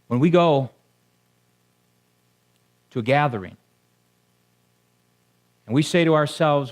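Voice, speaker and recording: A man's voice: mid-range voice, moderate pace, long pauses. A male pastor preaching a sermon to his congregation. He keeps it conversational and often stops to ask the people in front of him questions. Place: church sanctuary before a congregation.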